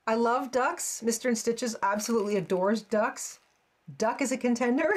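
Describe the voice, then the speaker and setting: Her voice sits on the high side and moves at a moderate pace as she hosts her crafting channel. The unboxing talk is easygoing, packed with delighted exclamations and light laughter over each piece.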